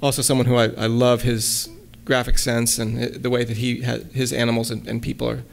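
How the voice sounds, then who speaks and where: A man giving a relaxed lecture at a college, hesitating often with ums and restarts and reading his own poems aloud. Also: medium pitch, a little fast, creaky. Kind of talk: casual lecture with poem readings.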